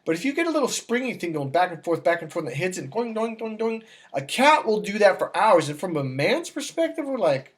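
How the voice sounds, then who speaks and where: A man's voice: a little fast, few pauses. A man working as a dating coach, talking casually to camera and telling stories with acted-out dialogue. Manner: animated storytelling, acts out dialogue with raised pitch.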